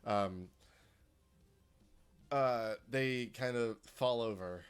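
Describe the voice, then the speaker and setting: A game master narrating a tabletop session at a middle pitch. The delivery is halting and loose, full of fillers and restarts. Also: clear, resonant tone.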